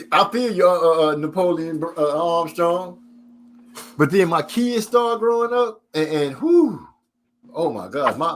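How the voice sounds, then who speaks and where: Animated storytelling man, slightly high voice. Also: slight background noise. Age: middle-aged. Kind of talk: casual comedic chat.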